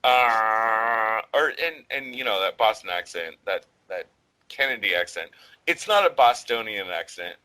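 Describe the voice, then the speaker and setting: Guy on a podcast, kinda low voice but bright, rambles with lots of likes and uhs. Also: animated, measured pace, poor audio. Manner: rambling, filler-heavy, swears casually. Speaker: podcast co-host. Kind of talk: casual podcast discussion.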